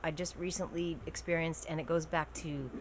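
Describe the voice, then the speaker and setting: A woman talking as a podcast guest, hesitant and soft-spoken, sharing personal struggles. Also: low-pitched, fairly even intonation, moderate pace, a little hiss or hum. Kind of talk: casual conversation.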